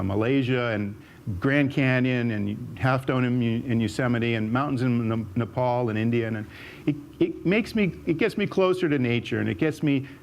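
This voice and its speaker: An older man tells stories from his life on stage, rambling warmly through false starts and repeated words, and jumping up in pitch to act out what others said. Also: vocal fry, slight background noise. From United States. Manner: chatty storyteller with frequent restarts and repeated words; jumps up in pitch when acting out what people said. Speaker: speaker. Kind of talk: storytelling talk on stage. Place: auditorium stage.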